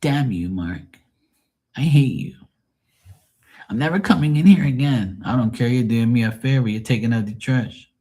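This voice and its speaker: A man's voice: medium pitch, animated, moderate pace, long pauses, mellow, slightly rough, pitched above the performer's own voice. A man voicing a whiny, offended woman viewer who complains in a pouty, sulky way.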